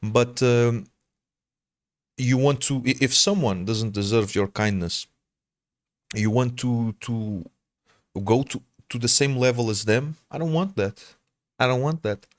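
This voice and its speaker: A man's voice: medium pitch, a little slow, pauses often, dry recording, clean studio sound. A man from Portugal with a mixed Portuguese accent, a game streamer chatting casually with viewers, hesitant, stammering and restarting, calling people brother. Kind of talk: casual chat answering viewers.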